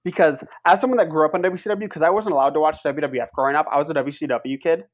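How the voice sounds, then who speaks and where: A man's voice: fairly high pitch, fast. Man, podcast co-host, casual chat, heated rant, swearing, dull lo-fi recording.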